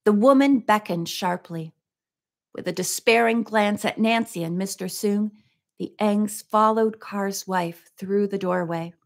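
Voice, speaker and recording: A woman reading a mystery book aloud in a steady narrating voice, now and then breaking off for soft, chatty asides. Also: medium pitch, measured pace, vocal fry.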